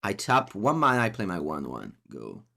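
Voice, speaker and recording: A man's voice: sits low, huge pitch swings, normal speed, vocal fry, bright, forceful tone. A man with an Italian accent giving live, chatty commentary as he plays, talking to himself and to his chat. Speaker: streamer.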